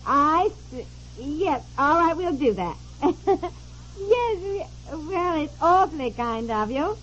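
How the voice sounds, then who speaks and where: An actress playing a chatty, easily flustered wife traveling abroad, in a 1950s radio comedy. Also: female voice, high voice, very animated, slow pace, fairly bright tone, exaggerated voice. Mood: flustered chatter. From America. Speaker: wife on a family trip. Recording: dull old radio recording with faint hiss.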